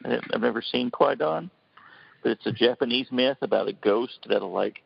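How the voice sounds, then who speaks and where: A man's voice: mid-range voice, normal speed, creaky, slight background noise. A man in his forties telling stories in a casual podcast roundtable, acting out the voices he quotes. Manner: excitable storyteller, acts out quoted voices. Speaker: podcast panelist. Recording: dull lo-fi podcast audio.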